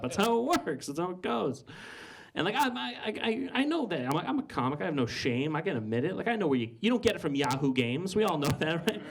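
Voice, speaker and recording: A man's voice: fairly high pitch, sing-song, fast, vocal fry. A man doing stand-up comedy on a club stage, rambling and stammering, with lots of "like" and restarts.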